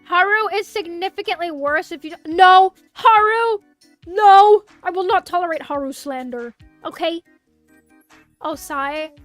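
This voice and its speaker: Young woman w/ a miami hispanic accent, super high voice, animated casual stream chat, cusses a lot. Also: moderate pace, dry recording, faint music behind. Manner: animated, chatty, swears freely, answers chat. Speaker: VTuber streamer.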